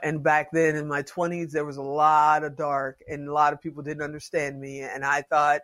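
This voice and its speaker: A woman in her late fifties, a podcast guest talking in a casual interview as an expressive, folksy storyteller. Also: deep voice, normal speed, few pauses. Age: 50s.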